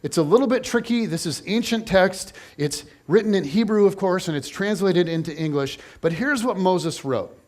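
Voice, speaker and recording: A male pastor giving a conversational sermon, animated, with quick asides and self-corrections. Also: high-pitched.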